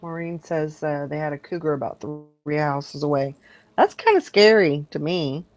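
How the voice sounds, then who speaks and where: A woman's voice: low voice, lively intonation, normal speed, darkish tone, soft background music. A woman hosting a morning online hangout, chatting casually and telling stories in a rambling way with restarts. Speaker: host of a morning hangout show. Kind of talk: casual chat. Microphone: online video hangout.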